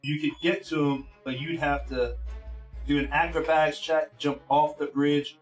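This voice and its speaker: A man running a tabletop game as game master, excitable, laughing often and explaining in halting bursts. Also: medium pitch.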